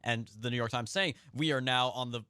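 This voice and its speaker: A man hosts a political podcast and talks very fast, piling up points with emphatic energy. His voice sits at a middling pitch. The sound is close and dry with almost no room echo. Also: smooth. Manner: rapid, emphatic, lively delivery. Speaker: podcast host.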